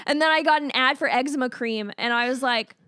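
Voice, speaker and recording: A woman co-hosting a podcast in casual chat, telling anecdotes and reacting with quick interjections. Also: high-pitched, sharp tone, clean tone, dry recording, studio quality. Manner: storytelling, laughing, reacts with short interjections. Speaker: podcast co-host.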